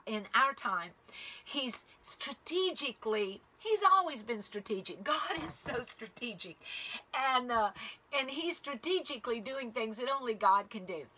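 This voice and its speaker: Woman Bible teacher, chatty and animated, bright tone, a touch high. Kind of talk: casual Bible study teaching.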